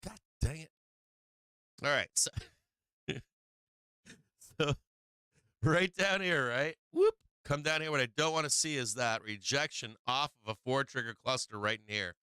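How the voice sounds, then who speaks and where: A man talks viewers through stock charts in a casual livestream, often checking in with "right?" and "okay?". His voice is strikingly bright and crisp, at a middle pitch. The recording is dry and close, with no room sound. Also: normal speed, pauses often, no room sound. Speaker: stock market livestream host. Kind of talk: casual live-stream market commentary.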